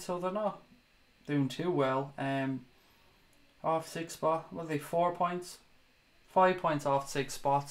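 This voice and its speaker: A young man with a mid-range voice hosts a fan livestream, reading viewer comments in a chatty, casual way. Now and then he swears and laughs at himself.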